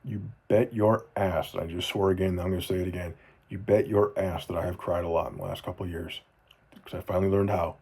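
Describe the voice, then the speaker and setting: Dad in his 40s doing a video journal for his kids, deep husky voice, earnest, goes soft a lot. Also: steady tone, quick pace. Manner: earnest, heartfelt, often drops to a soft low voice; repeats phrases for emphasis. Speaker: father speaking to his children.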